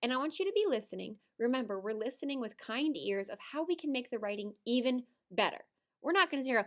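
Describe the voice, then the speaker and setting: A woman teaching first graders a writing lesson, animated and sing-song, with dramatic emphasis. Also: on the high side, brisk. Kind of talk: video writing lesson for young children.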